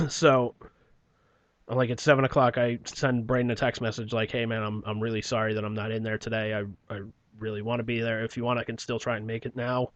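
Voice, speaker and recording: Telling his story as a podcast guest, this man speaks briskly in a level, medium-pitched voice, swearing and rambling as he goes. He clears his throat frequently and lets sentences fade away quietly. The sound is dry, from a close microphone.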